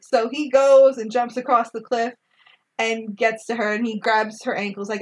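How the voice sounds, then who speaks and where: Woman recapping a movie in casual chat, animated, slightly high voice, laughs a lot. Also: a little slow, poor audio. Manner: animated, laughs often, acts out characters' lines. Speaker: podcast co-host recapping a film.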